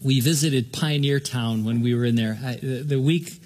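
A man's voice: mid-range voice, normal speed, darkish tone. An older man from Southern California preaching a sermon as pastor, in an earnest, conversational way that often stops and restarts mid-sentence.

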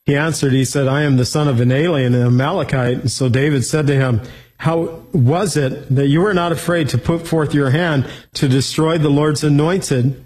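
Man, husky tone, Bible teaching, reads scripture aloud, plain explanations. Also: on the high side, moderate pace, darkish tone, poor audio.

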